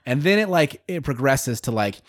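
A man's voice: medium pitch, animated, normal speed, over a noisy crowd. A man co-hosting a podcast in casual chat, telling crude stories animatedly with voiced quotes. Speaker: podcast co-host.

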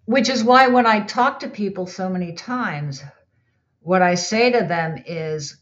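A woman's voice: mid-range voice, measured pace, dull audio. An older woman, a former recording engineer and re-recording mixer, tells studio stories in a casual interview and acts out the quotes. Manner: animated, acts out quotes in others' voices.

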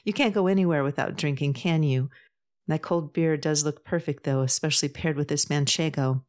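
An earnest, sensitive young woman pleading for the planet in a spoken storybook, patient but passionate, as a woman reader puts her on. Her voice sits low. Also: moderate pace, a little mellow, lightly acted. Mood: fond.

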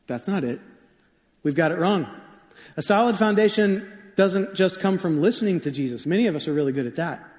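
A man's voice: high-pitched, darkish tone, big-room sound. A man preaching a sermon as pastor, telling stories in a conversational way with frequent shifts of pace.

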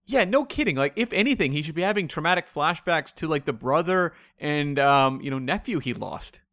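A man co-hosting a casual podcast discussion in a relaxed, conversational way. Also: a little high, a little fast, dry recording, studio quality. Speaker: podcast co-host.

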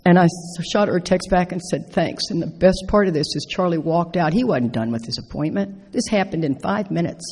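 A middle-aged woman telling a personal story as a speaker at a recovery convention, animated and laughing as she acts out her own lines. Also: fairly low pitch, fairly quick, few pauses, slightly rough. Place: large convention hall. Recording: echoey hall reverb.

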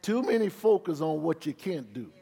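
A male pastor delivers a sermon in call-and-response style, tossing questions back to his congregation. He sinks into quiet asides and then rises loud on the words he wants to land. His slightly high voice rings with the long reverb of a large hall. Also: sing-song, moderate pace, creaky, slightly rough. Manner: drops low for asides, rises loud on emphasis.

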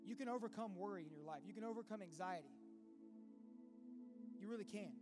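A pastor preaching a sermon in an earnest, conversational way, full of rhetorical questions. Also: male voice, sits high, brisk. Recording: long reverb with faint music behind.

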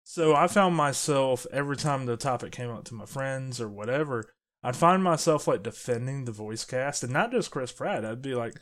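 Animated man chatting about a movie. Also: mid-range voice, moderate pace. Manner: animated, jokey, trails off and restarts. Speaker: podcast co-host. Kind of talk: casual movie review chat.

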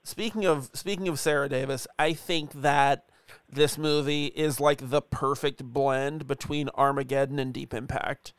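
A man in a casual movie chat, relaxed and joking, laughing often. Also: mid-range voice, unhurried.

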